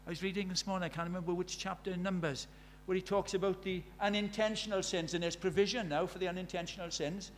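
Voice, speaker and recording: A South Welsh man preaches with earnest conviction, his voice sitting a little higher than most men's. He swings between loud, pressing emphasis and quiet, confiding stories, with a faint hum behind him. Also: fairly even intonation, quick pace, hardly any pauses. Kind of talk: sermon with personal stories.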